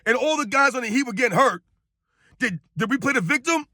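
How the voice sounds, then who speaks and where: A man's voice: extremely high pitch, expressive, fairly quick, sharp tone, no echo, studio quality. A man giving an emphatic, scornful sports rant, hammering his points home with repetition. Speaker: sports commentator. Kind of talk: ranting sports commentary.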